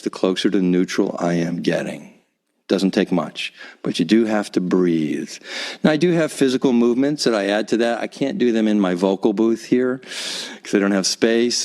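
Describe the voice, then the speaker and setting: A guest teacher with a lowish male voice guides breathing slowly and soothingly, repeating soft cues as he teaches calm self-acceptance. It was recorded in a home vocal booth.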